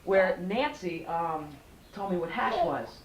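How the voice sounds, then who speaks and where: A woman's voice: fairly low pitch, lively intonation, slow, distant mic. A woman casually recounting childhood memories to relatives, chatty and laughing, acting out old conversations. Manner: laughing, chatty, acts out quoted dialogue. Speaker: family member on a house tour. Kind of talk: casual nostalgic storytelling. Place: indoors in a family house. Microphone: camcorder mic at a distance. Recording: roomy home camcorder audio with family chatter. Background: several relatives talking.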